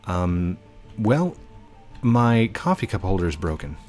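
A man's voice: low voice, very animated, takes it slowly, darkish tone, soft background music, full character voice. A man voicing a naive office worker calling tech support, hesitant and fumbling with his words.

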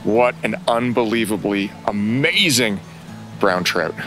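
Excited man fishing on a river. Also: on the low side, takes it slowly, soft background music. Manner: enthusiastic, exclamatory. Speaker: angler on a fishing show. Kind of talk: on-river fishing commentary and tips. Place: outdoors in a boat on a river.

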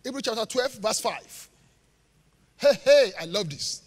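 A man preaching a live sermon as pastor, animated, asking the congregation rhetorical questions and laughing between points. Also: sits high, a little slow, long pauses. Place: large church hall. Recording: live church sermon with long hall reverb.

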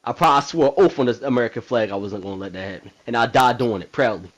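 A man's voice: mid-range voice, fast talker, natural voice, poor audio. A man voicing a brash, hot-tempered male president in a video game role-play drama, rambling in profane street slang. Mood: grim.

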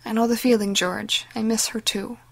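A woman doing a gruff, weary old nun. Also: on the high side, flat delivery, normal speed. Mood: sad. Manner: curt and snappish. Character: older weary gruff nun, sharp-tongued.

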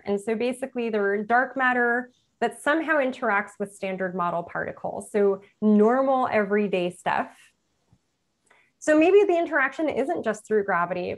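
A woman, a physicist, giving a conversational public lecture about her book, explaining plainly with everyday examples and often correcting herself mid-sentence. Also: medium pitch. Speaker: physicist giving an author talk.

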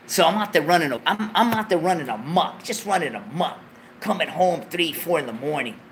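A man hosting a talk show, telling a story in a profane, animated way, loudly acting out what was said. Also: a little high, brisk, slight background noise. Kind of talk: casual storytelling.

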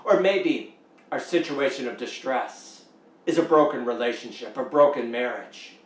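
A Canadian man preaching a sermon as pastor, slow and emphatic, with rising pitch on key words. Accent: Canadian English. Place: church sanctuary. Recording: echoey church room, mic at a distance.

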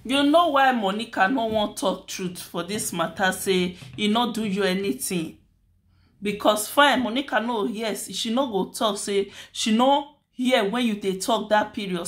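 A woman with a Nigerian accent hosting a commentary channel, talking through a dispute in a chatty, lecturing way and repeating her points. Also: mid-range voice. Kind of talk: casual commentary in Nigerian Pidgin.

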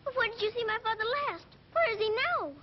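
A woman's voice: very high-pitched, expressive, quick pace, a little hiss or hum. A young girl speaking politely and earnestly in a 1930s film. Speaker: little girl lead in a film. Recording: dull old film soundtrack.

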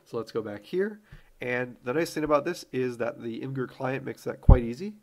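A man hosting a screen-recorded programming tutorial, relaxed and thinking aloud with fillers as he types code. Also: medium pitch, normal speed, a little hiss or hum.

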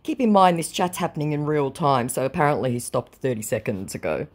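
A woman's voice: deep voice, brisk. Sarcastic woman narrating a scam chat. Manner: sarcastic, animated, laughing at the scammer. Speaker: scam-baiting channel host.

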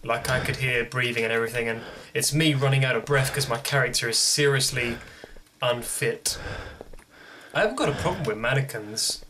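Bright-voiced young man, jumpy game commentary. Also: medium pitch, a little hiss or hum. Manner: jumpy, jokey, talking to himself. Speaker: gaming video host. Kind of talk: horror game let's play commentary.

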